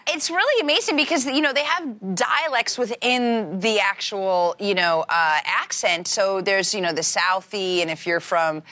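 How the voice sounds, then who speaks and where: A woman's voice: mid-range voice, normal speed, few pauses, sharp tone. A woman, an actress, chatting as a talk-show guest, reflective and earnest, readily agreeing with her host. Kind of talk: casual interview chat. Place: TV studio set.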